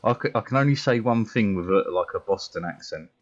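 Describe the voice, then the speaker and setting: British male streamer, very low voice, blunt and sweary, dull lo-fi mic sound. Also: animated, brisk. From Britain. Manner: blunt, sweary, laughs often. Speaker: game streamer. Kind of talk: casual chat while gaming.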